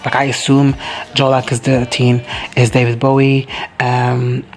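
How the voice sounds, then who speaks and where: A man giving a casual reaction recap of a TV episode, gushing, swearing freely and briefly acting out characters in quick high voices. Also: completely flat delivery, a little hiss or hum. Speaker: reaction vlogger.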